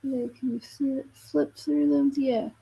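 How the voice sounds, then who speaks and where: A woman's voice: sits high, steady tone, a little slow, vocal fry, mellow, poor audio. A woman co-hosting from behind the camera, prompting with brief questions. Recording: faint background noise.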